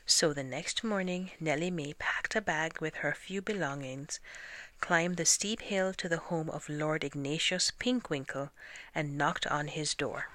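A woman reading a storybook aloud with gentle, measured storytelling. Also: sits low, no room sound. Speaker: storybook reader.

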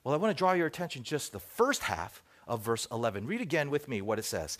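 A middle-aged man preaching a sermon as pastor, telling stories and acting out bits of dialogue, then dropping to quiet asides. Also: medium pitch, fast, few pauses. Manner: animated storytelling, acts out dialogue, drops to soft asides.

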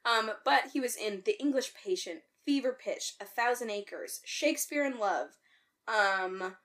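A woman co-hosting a casual podcast chat, animated and swearing freely, with loud outbursts. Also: a little high, a little slow. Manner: animated, swears a lot, bursts into loud outcries. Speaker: podcast co-host.

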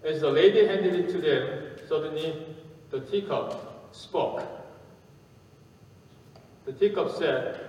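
A man preaching a sermon and telling a story, speaking haltingly with pauses and fillers, recorded from far off in an echoey hall. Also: on the high side, darkish tone, dull audio.

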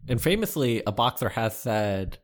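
A man co-hosting a casual podcast, calling out points and slipping in wisecracks. His voice sits at an ordinary middle pitch, and his delivery is dry. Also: very animated, moderate pace. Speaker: podcast co-host keeping score.

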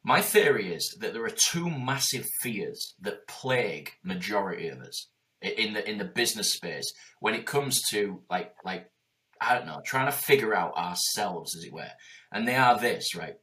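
A middle-aged man with a Yorkshire accent, a business coach in casual podcast chat, animated and swearing as he acts out quoted voices. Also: lowish voice, normal speed. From Yorkshire, England.

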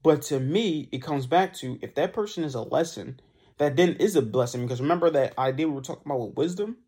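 A man's voice: fairly high pitch, fast talker, a little mellow, husky. A young man hosting a casual solo podcast, enthusiastic and motivational, talking through sayings and repeating them. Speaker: podcast host.

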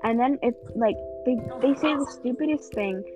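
Higher-voiced teen girl, tinny sound. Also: normal speed. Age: teens. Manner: earnest, rambling, frequent restarts. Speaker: co-host. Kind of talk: casual chat. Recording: tinny phone-like sound, background music.

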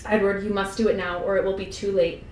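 A steady male vampire doctor barking quick, terse orders, as a woman reads him plainly. The pitch stays at a middle level. There is a clear echo from the room. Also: slight background noise, close to an everyday voice. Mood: urgent.

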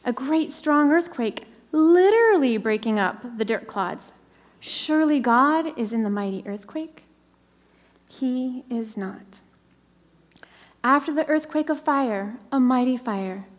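A middle-aged woman delivers a sermon in a church sanctuary, her higher voice ringing with a long hall reverb. She speaks slowly and deliberately. She often sinks into a soft whisper to press a point home. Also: expressive. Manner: slows and drops to a soft whisper for emphasis. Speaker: preacher.

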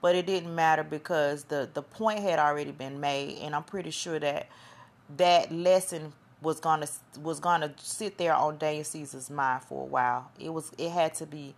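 Low gravelly woman podcaster. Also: fairly even intonation, normal speed. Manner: chatty, rambling, loses her train of thought. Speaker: podcast host. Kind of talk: casual monologue commentary.

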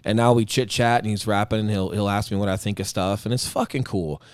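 A man's voice: on the low side, a little fast, clean tone, no room sound. A middle-aged man and Marine veteran telling a story in casual chat, swearing a lot and acting out what others said. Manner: profane, animated, acts out quotes. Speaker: Marine veteran and podcast guest.

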